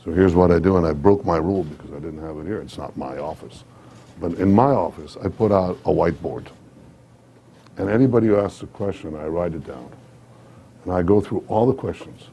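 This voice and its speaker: A man with a sore throat, giving measured public remarks at an event, pausing often with fillers. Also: deep voice, dark tone, dull audio, a little hiss or hum. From Israel. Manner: measured, hesitant with many fillers. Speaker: guest speaker.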